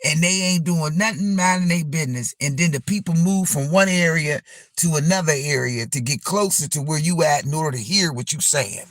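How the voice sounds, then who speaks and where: A man hosting a live stream, telling a story in a loose, animated way, repeating himself, swearing, and calling his viewers y'all. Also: on the high side, a little fast, no room sound. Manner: animated, repetitive and profane, addressing viewers as y'all. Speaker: livestream host.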